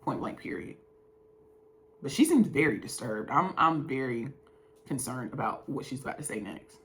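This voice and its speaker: Low, animated woman reacting. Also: normal speed. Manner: emphatic, advice-giving, repeats for stress. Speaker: reaction video host. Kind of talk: casual reaction commentary while doing makeup.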